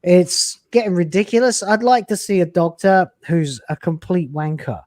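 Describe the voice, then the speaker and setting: A man's voice: high-pitched, normal speed, a little mellow, no room sound, clean studio sound. A man with a British accent chatting casually on a live stream, laid-back and sarcastic. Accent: British English. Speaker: podcast co-host.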